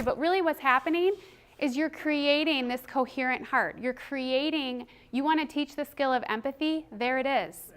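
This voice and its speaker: A middle-aged woman presenting a teaching workshop, conversational and animated, breaking into short acted classroom scenes. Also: sits high, normal speed. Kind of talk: teaching presentation with role-play demonstration.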